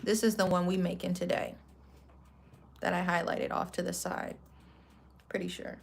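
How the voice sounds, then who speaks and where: A woman's voice: fairly low pitch, moderate pace, vocal fry, a little hiss or hum. A woman hosting a casual craft vlog, chatting in a loose, rambling way and correcting herself mid-sentence. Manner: relaxed slang-filled talk. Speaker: craft vlogger. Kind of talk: casual chatty product walkthrough.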